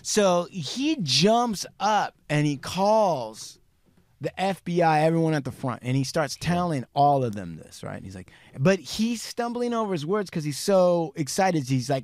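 A man with a slightly high voice hosts a podcast, chatting through a true crime story with plenty of swearing. He gets animated, voices the people he quotes, and alternates between rushing and slowing down. There's no room sound.

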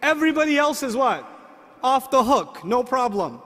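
A middle-aged man preaching a sermon, asking the audience lively rhetorical questions. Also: extremely high pitch, normal speed. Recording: long hall reverb.

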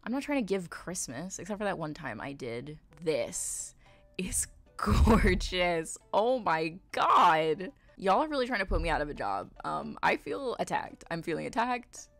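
Female game streamer, slightly low voice, effusive and theatrical in her reactions. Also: sing-song, a little fast, vocal fry, hardly any pauses, no room sound, faint music behind. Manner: gushing, playful, dramatic reactions. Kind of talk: live-stream commentary.

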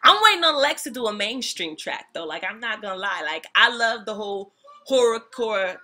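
A young adult woman giving casual, animated reaction commentary on a song at home, slangy and laughing often. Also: medium pitch, moderate pace. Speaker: music reaction vlogger. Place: home room.

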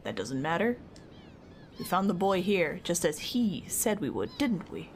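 A woman's voice: on the low side, very animated, measured pace, slight background noise. A woman voicing a stern male knight commander in a game, giving curt orders. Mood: commanding.

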